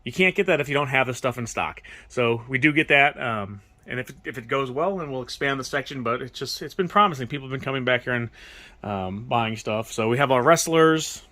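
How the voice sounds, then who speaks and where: Excited fast-talking man giving a store tour. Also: mid-range voice. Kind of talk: casual walkthrough tour. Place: indoor toy store.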